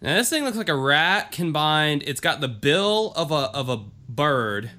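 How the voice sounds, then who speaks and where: A man's voice: a little high, big pitch swings, unhurried, sharp tone. A man co-hosting a casual talk show, rambling and joking with lots of fillers and restarts. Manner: laid-back, jokey, swears casually. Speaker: podcast co-host. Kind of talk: casual chat.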